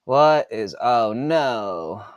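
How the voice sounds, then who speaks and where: A man's voice: mid-range voice, expressive, very slow, dry recording, dull audio. A man in his forties chatting casually on a live stream, rambling and muttering to himself as he works on a computer, swearing freely. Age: 40s. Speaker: author and podcast host. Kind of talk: casual live-stream chat while working.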